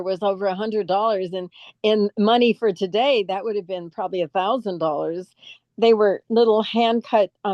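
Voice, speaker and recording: An older California woman, a guest actress, chats through an interview in a mid-range voice, telling stories and laughing a lot. The recording is dry, dull and lo-fi.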